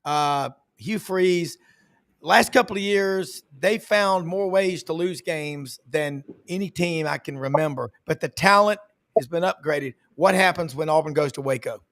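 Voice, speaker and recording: Host guy keeping the football panel moving, slightly high voice. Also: a bit bright. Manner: brisk, steers between guests. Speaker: show host. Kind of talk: moderating a sports panel.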